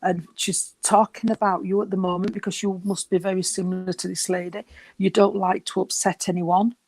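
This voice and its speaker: A man giving a reading at a service, gentle and reassuring, and short of breath. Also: high-pitched, flat delivery, brisk, dry recording. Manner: gentle, reassuring, calls people sweetheart. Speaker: spiritualist medium.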